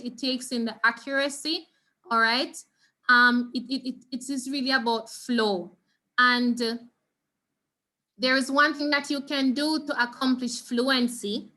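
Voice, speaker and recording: A woman's voice: high-pitched, sharp tone. A Jamaican woman teaching an online Spanish exam revision lesson, patient and instructive, often checking in with her class. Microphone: video call.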